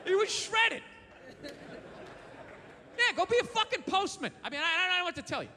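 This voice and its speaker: A man doing a stand-up comedy rant, profane and bursting into shouts. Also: very high-pitched, lively intonation, normal speed, long pauses, long reverb tail.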